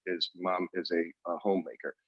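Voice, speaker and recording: A man with a low, husky voice co-hosts a casual podcast and rambles through stories with self-mocking humor. The sound is dry and a bit dull, like budget podcast audio. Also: flat delivery, normal speed, no room sound. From Canada. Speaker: podcast co-host. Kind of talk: casual chat.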